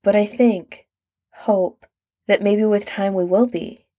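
A woman doing a quiet, guilt-ridden young man. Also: medium pitch, steady tone, slow pace, no room sound, clean studio sound. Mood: subdued. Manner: quiet, murmuring.

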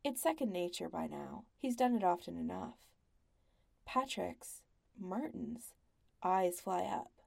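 Woman, audiobook narrator, measured, mellow warm tone, gravelly. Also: fairly low pitch, expressive.

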